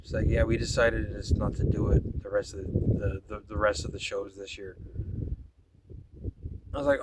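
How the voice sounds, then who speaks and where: A man's voice: medium pitch, steady tone, normal speed, far from the mic, noisy background. A man telling rambling, profane stories about making his videos, often quoting himself in a casual monologue. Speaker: vlogger.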